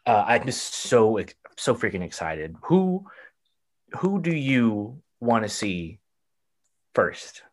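A man hosting a casual podcast chat, enthusiastic but halting, often restarting his sentences. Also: fairly low pitch, sing-song.

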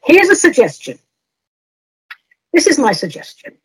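A woman's voice: high voice, huge pitch swings, unhurried, rough recording. A woman hosting an advice podcast, answering listener letters in a playful, teasing way and laughing often.

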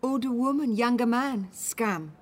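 An actress playing a sharp-tongued, worldly friend who talks in a dry, teasing, brisk way. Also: female voice, on the high side. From India.

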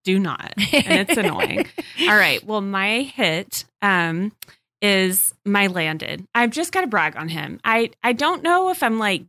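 A woman's voice: medium pitch, a bit bright, dry recording. A woman in her thirties co-hosting a casual podcast, chatting and teasing her friend about family life. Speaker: podcast co-host. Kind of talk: casual chat.

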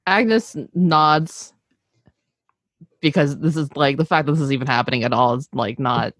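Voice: medium pitch, normal speed, a bit bright, no echo. Chatty tabletop player, dry sound. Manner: chatty, laughs between phrases. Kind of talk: casual role-play narration.

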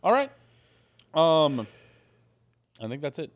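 A man's voice: fairly high pitch, big pitch swings, takes it slowly, dull audio. A man co-hosting a casual food podcast, offhand and mumbling, with the odd swear. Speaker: podcast co-host. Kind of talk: casual chat.

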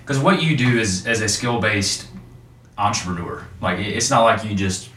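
A man co-hosting a podcast, jumping in quickly with jokes and framing questions. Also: on the low side, slight background noise. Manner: quick, joking, animated. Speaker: podcast co-host. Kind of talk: casual interview chat. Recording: distant mic in echoey room.

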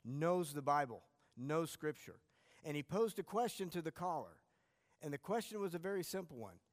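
A man's voice: a little high, animated, normal speed. A man teaching a church class, telling anecdotes in a self-deprecating, conversational way. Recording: long hall reverb.

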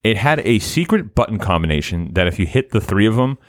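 Low-voiced man with a morning voice. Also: big pitch swings, fairly quick, no room sound, clean studio sound. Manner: laughs often, rambling with restarts. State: morning voice, a little hoarse. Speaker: podcast co-host. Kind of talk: casual chat.

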